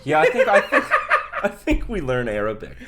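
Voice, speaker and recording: A man co-hosts a casual podcast chat, his voice a touch high and swinging widely in pitch. He argues back and forth with his co-host and laughs often. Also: moderate pace, a little hiss or hum. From Canada. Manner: lively, argumentative, laughs often.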